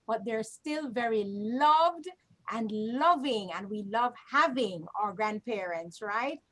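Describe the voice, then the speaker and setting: A woman's voice: on the high side, expressive, takes it slowly. A woman storyteller chats over a video call in a slightly raised voice. She reminisces easily and keeps pulling her listeners into the conversation. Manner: chatty, draws listeners in with "right?". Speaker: co-host and storyteller. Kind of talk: warm reminiscing chat.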